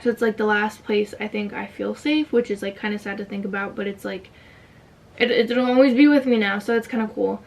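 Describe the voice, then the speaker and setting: A woman's voice: medium pitch, steady tone, brisk, creaky, far from the mic. A young woman telling a personal story in a casual vlog, emotional and fighting back tears, with many "like" fillers. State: tight throat from holding back tears. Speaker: vlogger.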